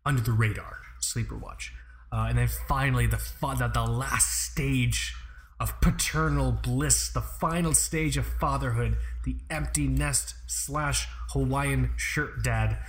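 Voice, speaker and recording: A man in his thirties hosting a podcast in a casual, rambling chat, full of swearing and quick asides. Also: mid-range voice, fairly even intonation, slight background noise. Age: 30s. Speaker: podcast host.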